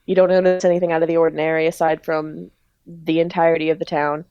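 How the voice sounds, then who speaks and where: A woman's voice: sits low, level tone, quick pace, smooth, dry recording, lo-fi sound. A woman game master narrating a tabletop role-playing game in a casual way, with plenty of ums and likes.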